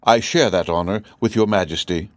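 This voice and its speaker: A man reading an audiobook voices a dry-witted male gnome counselor who answers calmly. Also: sits low, moderate pace, no echo, lightly acted. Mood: wry.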